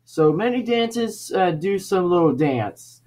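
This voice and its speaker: High, lively young gamer guy. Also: slow pace, heavy background noise. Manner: excitable, laughing, shouting reactions. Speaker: let's play gamer. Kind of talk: gameplay commentary. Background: game music.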